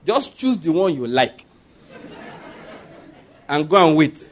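A man's voice: a little high, big pitch swings, takes it slowly, a faint crowd, a little hiss or hum. A man with a Nigerian accent preaching a sermon in a conversational way, asking the congregation for responses and laughing at his own asides.

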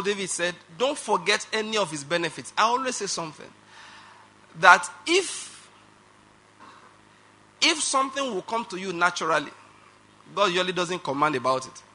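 Male preacher, emphatic sermon delivery, high and brightly forceful tone. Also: expressive, moderate pace, pauses often. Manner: emphatic preaching with rhetorical questions; laughs between phrases. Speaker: pastor.

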